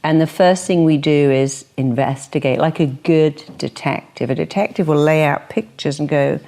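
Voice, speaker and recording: Low-voiced woman giving motivational advice. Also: normal speed. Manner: lively, acts out quoted voices. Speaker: therapist and motivational speaker. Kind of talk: motivational interview talk.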